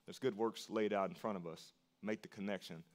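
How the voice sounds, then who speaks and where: A pastor preaches a sermon earnestly and emphatically, a little fast and with fairly even intonation overall. He repeats short phrases for weight and his pitch jumps up on key lines.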